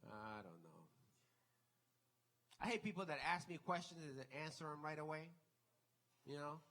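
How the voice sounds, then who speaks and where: A man's voice: fairly high pitch, animated, normal speed, a bit bright, low-quality recording. A man doing live stand-up at a club mic, with a friendly voice and a playful way of dropping into mock voices. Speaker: stand-up comic. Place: comedy club stage.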